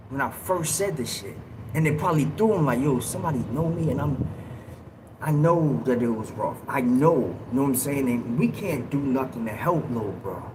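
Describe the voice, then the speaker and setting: A man hosting a livestream, telling a story in a casual, slangy, animated way and acting out what people said. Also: fairly high pitch, background noise. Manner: animated, slangy, acts out quotes in raised yells. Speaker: livestream host.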